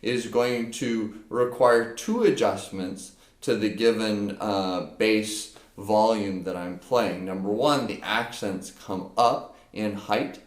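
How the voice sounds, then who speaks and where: A man with a lowish voice talks through a drum lesson and explains each idea step by step. He speaks off the cuff, with plenty of "um" and "uh", and the sound rings a little in an echoey room. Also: slow pace, hardly any pauses. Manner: explains step by step, with frequent fillers. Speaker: percussion teacher. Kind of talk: unscripted instructional lesson.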